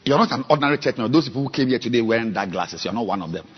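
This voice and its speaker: A man preaching a sermon as a pastor, dropping to quiet, intimate asides and building up to shouted climaxes. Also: mid-range voice, expressive, very fast, husky, dull audio.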